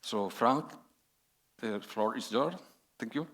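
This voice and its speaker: A man chairing a conference session, reading out a speaker's introduction haltingly. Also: medium pitch, fairly bright tone. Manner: halting, many fillers and restarts. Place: conference hall.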